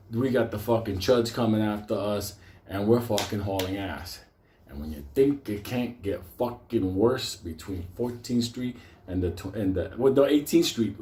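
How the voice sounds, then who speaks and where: Man, New York accent, swearing storyteller, mellow voice, echoey room. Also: medium pitch. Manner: swears constantly, gets loud and animated at the scary parts. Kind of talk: profane comic storytelling.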